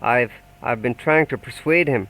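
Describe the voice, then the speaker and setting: A man's voice: mid-range voice, moderate pace, a bit bright, close to an everyday voice, rough recording. A man voicing a cornered, stammering aristocrat. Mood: anxious. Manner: pleading, stammering. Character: flustered aristocratic male politician in debt. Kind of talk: audiobook character voice.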